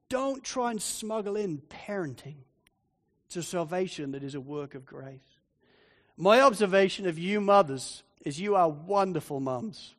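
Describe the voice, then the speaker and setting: Man, pastor, animated sermon, high-pitched voice, echoing church hall. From Australia. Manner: animated, direct address to the congregation. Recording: long reverb of a church hall.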